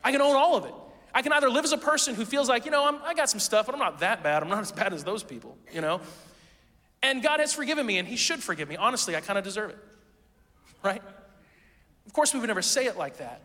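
Bright-voiced casual pastor preaching. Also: male voice, high-pitched, long reverb tail. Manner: casual, conversational preaching with rhetorical questions. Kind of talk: sermon.

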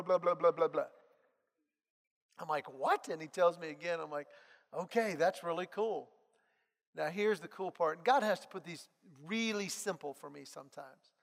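A man preaching a sermon, telling a personal story and acting out the dialogue in an animated way. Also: high voice. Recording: long hall reverb.

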